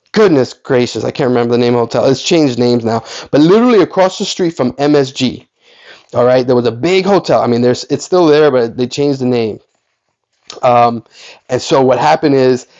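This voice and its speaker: A man hosting a card collecting vlog, telling a rambling story with many self-corrections and lively quotes of other people. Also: mid-range voice, lo-fi sound. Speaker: card collecting channel host.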